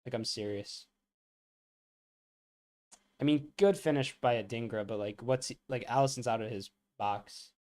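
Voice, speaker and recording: A man's voice: medium pitch, unhurried, long pauses. A man hosting a live football watchalong, chatting casually with viewers and reacting to the match with lots of slang. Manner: chatty, reacts loudly to goals, talks to chat with slang. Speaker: livestream watchalong host.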